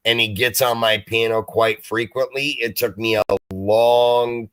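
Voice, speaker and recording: An American man hosts a casual livestream chat, blunt and quick to swear. His voice is bright and forceful. The sound is dry, with no room echo. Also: medium pitch, fairly even intonation, smooth. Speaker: livestream host.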